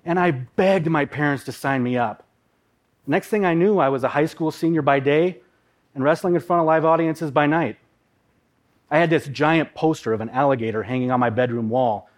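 A man in his thirties from the upper Midwest, telling a personal story on stage in a vivid, dramatic way with pauses. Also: on the high side. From Minnesota, USA. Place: live talk on a stage.

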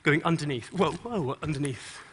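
A middle-aged choreographer on a conference stage, speaking to an audience and directing dancers with quick instructions and rhythmic sound cues. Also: male voice, fairly high pitch, breathy edge, in a large hall. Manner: encouraging, energetic coaching.

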